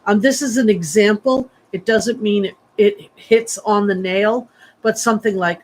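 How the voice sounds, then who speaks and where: A woman's voice: medium pitch, moderate pace, low-quality recording. A woman giving a psychic reading on a livestream, rambling and chatty with many fillers and restarts, sleepy and yawning. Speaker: psychic medium.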